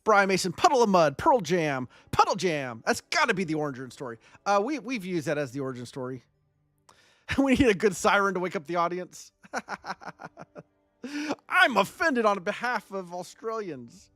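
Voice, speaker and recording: A man's voice: high voice, big pitch swings, normal speed, fairly bright tone, no room sound, soft background music. Chatty joking man streaming a strategy game. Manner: chatty, joking, talks to chat. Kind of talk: live strategy game commentary.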